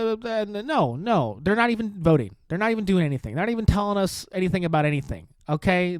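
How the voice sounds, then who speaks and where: A man's voice: sits high, dry recording. A man hosting a podcast, ranting in a rambling, sarcastic and profane way, full of rhetorical questions and repeated phrases. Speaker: podcast host. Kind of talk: casual political rant.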